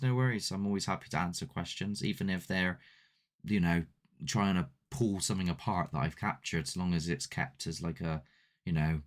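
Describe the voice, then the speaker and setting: Deep-voiced man chatting casually on a live stream. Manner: chatty, rambling, self-deprecating. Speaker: host of a paranormal channel. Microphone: desk mic with ring light.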